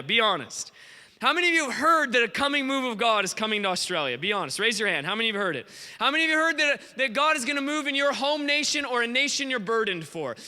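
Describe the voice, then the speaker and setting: High, bright-voiced preacher man in a hall. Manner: animated storytelling, acts out voices, asks crowd questions. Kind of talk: energetic sermon. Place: large conference hall. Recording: long hall reverb.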